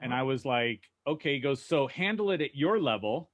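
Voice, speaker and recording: Animated man telling dealership stories. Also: medium pitch, normal speed. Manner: animated storyteller, acts out quoted voices. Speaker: panelist, dealership manager. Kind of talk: casual panel discussion.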